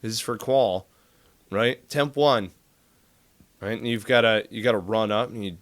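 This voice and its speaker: A man telling a military story in casual chat, profane and animated, acting out the dialogue. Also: fairly low pitch, clear, resonant tone. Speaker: podcast guest telling military stories.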